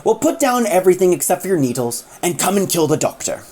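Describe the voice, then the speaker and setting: A woman's voice: lowish voice, sing-song, quick pace, warm tone, husky. A woman voicing the sinister, coaxing voice of a sentient house, sly and persuasive.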